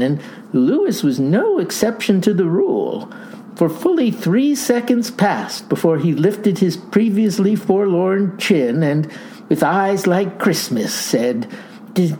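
A woman with a low, mellow voice tells a comic story in the first person, leaning on grand words and folksy asides. Her delivery is slow and unhurried, yet her pitch swings widely. A faint hiss of noise sits under the recording. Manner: mock-grandiose, florid vocabulary, folksy asides.

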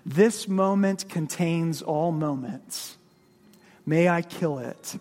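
Man playing an implacable angel, slow and low, in a long-reverb hall. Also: expressive, heavily acted. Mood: insistent. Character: stern calm male angel, relentless and unhurried.

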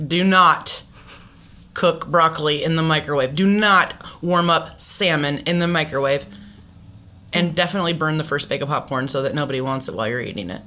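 A woman podcast guest and comedian in casual chat, telling stories with lively, playful delivery. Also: low voice, brisk. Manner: animated storytelling with funny voices.

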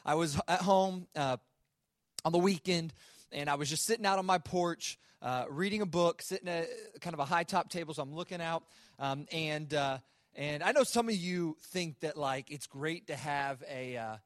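A young man giving a sermon to a student worship gathering, telling a personal story in a relaxed, conversational way with self-mocking humor and plenty of fillers. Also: on the high side, normal speed, no room sound, clean studio sound. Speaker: speaker at a student worship service. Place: live worship service.

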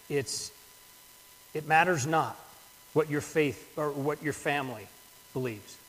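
A man's voice: a little high, big-room sound, rough recording. An older man preaching a sermon in an earnest manner, often repeating words as he builds a point. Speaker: pastor.

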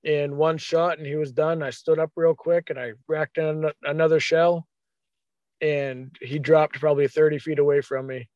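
A man telling a hunting story in a casual, animated way, acting out his own thoughts as quotes. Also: fairly high pitch, moderate pace, dry recording, muffled recording.

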